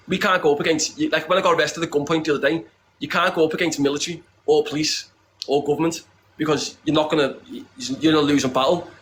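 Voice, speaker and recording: A man's voice: a little high, a bit bright, slight background noise, poor audio. A man with a northern English accent speaks bluntly in an interview, swearing often and tagging his sentences with "lad" as he repeats his points with force. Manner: emphatic, repeats himself. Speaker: interviewee, charity campaigner. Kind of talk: impassioned interview talk. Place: secure compound, indoors.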